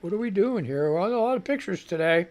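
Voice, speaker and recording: Fixing his stream setup during a live radio show, the host mutters and swears casually out of frustration. His high voice is a little mellow, with lively intonation and a fairly quick pace, in casual live-stream commentary.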